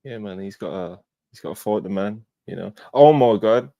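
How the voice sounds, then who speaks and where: A man's voice: lowish voice, normal speed, creaky, dry recording, dull audio. A man hosting a casual wrestling podcast, laughing often and reading out viewer donations. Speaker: podcast host.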